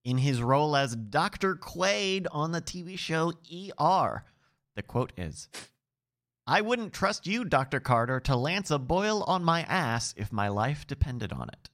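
A man's voice: on the high side, big pitch swings, measured pace, a bit bright. A man hosting a quiz game on a podcast, reading out movie quotes playfully. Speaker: quiz host.

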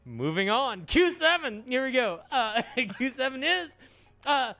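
A man's voice: very high-pitched, very animated, unhurried, gravelly, bright, forceful tone, faint music behind. A young man hosting a casual trivia show, reading questions aloud and riffing playfully on the answers. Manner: playful, reads questions then riffs. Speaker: trivia host.

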